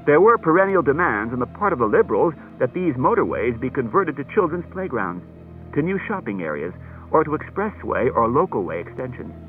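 Male audiobook reader, measured and expressive, lively intonation; tinny cassette sound. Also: medium pitch. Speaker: audiobook narrator. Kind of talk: scripted audiobook narration. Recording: tinny lo-fi cassette tape with faint music.

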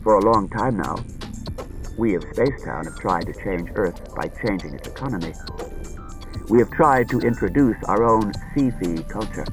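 A man doing a calm, cold robot. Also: low voice, rough recording. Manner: even, patient and measured.

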